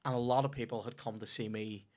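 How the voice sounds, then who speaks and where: A young comedian chats loosely on a podcast. He rambles through his stories and swears freely, with a voice of ordinary middle pitch. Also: fairly even intonation, fast talker, a little mellow. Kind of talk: casual podcast chat.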